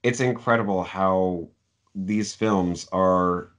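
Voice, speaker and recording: A man's voice: deep voice, fairly even intonation, slow. A man co-hosting a casual film review chat, speaking hesitantly and stumbling over his words. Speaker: film review podcast co-host.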